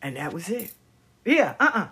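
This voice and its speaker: A woman's voice: mid-range voice, big pitch swings, normal speed, fairly bright tone, breathy edge. A middle-aged woman talking bluntly in a personal commentary vlog, swearing and repeating words for emphasis. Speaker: vlogger. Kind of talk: candid personal commentary monologue.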